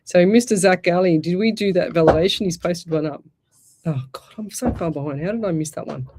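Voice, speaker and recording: A woman's voice: fairly low pitch, brisk, noisy background. A middle-aged Australian woman hosting a live psychic radio show, chatting casually, rambling and restarting her sentences, her throat sore. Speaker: psychic medium radio host.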